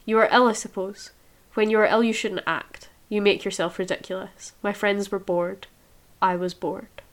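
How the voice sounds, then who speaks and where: A woman reading as a besotted young gentleman. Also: mid-range voice, level tone, moderate pace, close to an everyday voice. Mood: scornful. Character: young man, besotted then cold and scornful. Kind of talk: reading a novel aloud.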